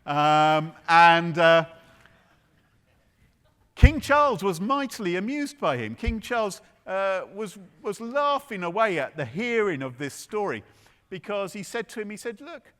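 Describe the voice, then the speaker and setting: A man delivers a comic keynote, spinning a story with theatrical asides and quick jokes. His voice sits a touch high and bright, swinging widely in pitch. He sounds like he is on a conference stage before a crowd. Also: very animated, clear, resonant tone. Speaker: keynote speaker.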